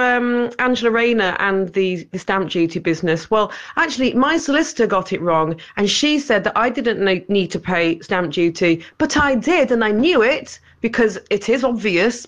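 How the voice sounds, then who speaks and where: A woman's voice: medium pitch, a bit bright. A woman calling in to a talk radio show, chatty and wry as she rambles through her opinion. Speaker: caller. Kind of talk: phone-in opinion.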